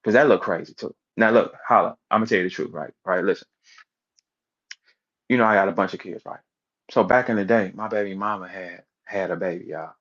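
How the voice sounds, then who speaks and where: A man giving blunt, profane commentary in an animated rant, punctuated by rhetorical questions. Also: low voice, fairly quick, highs cut off.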